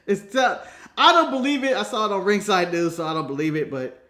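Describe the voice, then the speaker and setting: High-pitched American male co-host, playful banter, laughs through lines. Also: sing-song, a little fast, pushed and bright. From United States. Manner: playful, swears, laughs through his words. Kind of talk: casual wrestling podcast chat.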